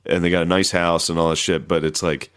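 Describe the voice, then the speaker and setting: A young man co-hosting a podcast in casual chat, joking in a deadpan way with quick quips. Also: low voice, clear, resonant tone. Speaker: podcast co-host.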